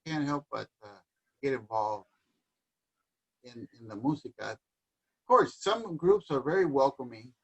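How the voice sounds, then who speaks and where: A man's voice: medium pitch, lively intonation, normal speed, pauses often, breathy edge, rough recording. Reflective man mixing in Spanish words. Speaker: guest musician and dancer. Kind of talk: casual conversation. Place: home livestream.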